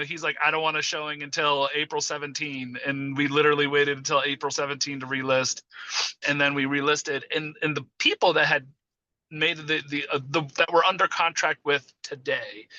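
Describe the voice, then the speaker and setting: Bright-voiced man telling a work story. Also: fairly high pitch, no echo, lo-fi sound. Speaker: real estate agent.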